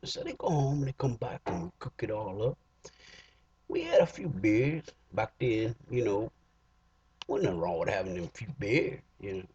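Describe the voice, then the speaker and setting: A man's voice: lowish voice, wildly swooping pitch, moderate pace, a little mellow, a little hiss or hum. A man with a Cajun accent telling a comic folk story, folksy and drawling, in a dull lo-fi recording. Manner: folksy, drawling, chuckling asides.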